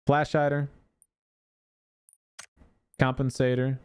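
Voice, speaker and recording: A man giving casual commentary on game cosmetics, with an animated, exasperated, swearing manner. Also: mid-range voice, takes it slowly, clean tone. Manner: animated, exasperated ranting with profanity. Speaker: gaming content creator.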